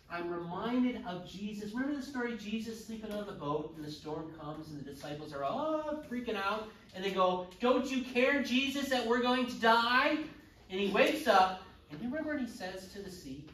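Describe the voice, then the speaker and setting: A man teaching a church confirmation class, asking the students questions and acting out the voices in the story. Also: fairly high pitch. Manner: animated, acts out story voices. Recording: echoey room from far off, noisy.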